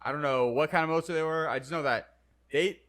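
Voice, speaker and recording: A man's voice: on the high side, fast. A man hosting a podcast, chatting casually as a rambling storyteller who acts out what others said. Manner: rambling storyteller, quotes people in animated bursts. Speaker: podcast host. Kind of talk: casual chat.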